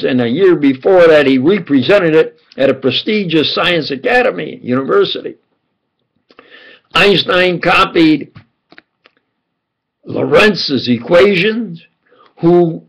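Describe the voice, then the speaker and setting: An older man with a gravelly, husky voice talks in a long, wandering monologue. He slips into quoted dialogue and sometimes sinks to a low mutter. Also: rough recording. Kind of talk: rambling conspiracy monologue.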